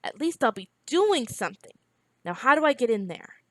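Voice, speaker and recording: Woman voicing blunt street kid boy, slangy, storybook reading, a touch higher, dry close sound. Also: very animated, moderate pace, no room sound. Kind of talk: reading a novel aloud.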